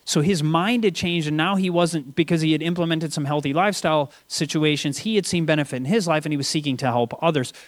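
A man telling a personal story about faith at a quick storytelling pace, acting out quoted voices. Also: fairly high pitch. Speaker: Christian speaker. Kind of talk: telling a story in a panel talk.

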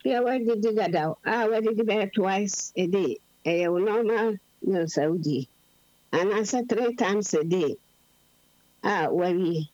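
A woman preaching a sermon in an unhurried, explanatory way, switching freely between languages. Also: mid-range voice, darkish tone, no room sound. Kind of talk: sermon mixing Twi and English. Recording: dull lo-fi recording.

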